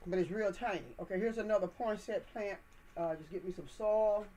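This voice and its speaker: A woman's voice: mid-range voice, a little fast, warm tone, slight background noise, rough recording. A woman hosting a gardening channel, talking viewers through potting plants indoors in a chatty, folksy, encouraging way. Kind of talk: casual how-to demonstration.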